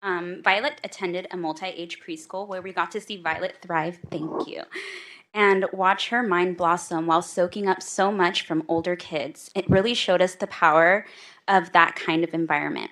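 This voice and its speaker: A woman's voice: lowish voice, steady tone, moderate pace, a bit bright. A mother giving an emotional prepared public comment at a school board meeting, close to tears.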